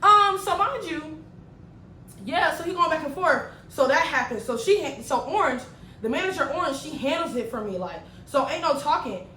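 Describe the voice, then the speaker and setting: A woman in her twenties telling a slangy, animated story while she cooks in her kitchen. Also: high-pitched, normal speed, a little hiss or hum. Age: 20s. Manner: animated, slangy, swings loud when retelling. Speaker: vlogger. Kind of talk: storytime vlog while cooking. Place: home kitchen. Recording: echoey room, mic at a distance.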